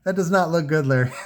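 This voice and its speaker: A man's voice: mid-range voice, a little mellow. A man talking casually and loosely about gear he sells, with lots of fillers and swearing. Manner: rambling, frequent fillers and profanity. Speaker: car audio seller reviewing products. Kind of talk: casual unscripted product talk.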